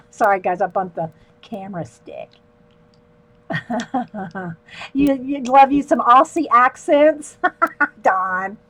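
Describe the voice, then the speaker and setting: A woman's voice: fairly high pitch, lively intonation, drawn-out words, pauses often, fairly bright tone. A woman hosting an art livestream, chatting casually with viewers as she draws and laughing often. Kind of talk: casual livestream chat while drawing.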